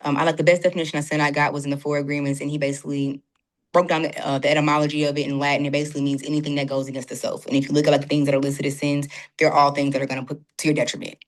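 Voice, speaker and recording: A woman's voice: sits low, little pitch movement, racing. A woman guest in a casual faith conversation, talking animatedly and acting out her own inner dialogue. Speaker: podcast guest.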